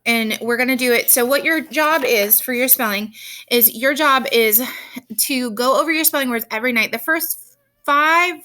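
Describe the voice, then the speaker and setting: A woman's voice: a little high, pushed and bright. Chatty woman teaching a kids' lesson. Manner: chatty, explains with examples, many ums. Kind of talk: recorded grammar and spelling lesson for children.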